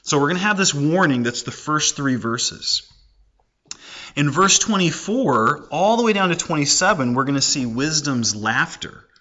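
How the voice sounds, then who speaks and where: Lively, conversational male Bible teacher. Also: a little high, moderate pace. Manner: conversational, with rhetorical questions and everyday examples. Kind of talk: casual Bible lesson. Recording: dull lo-fi recording.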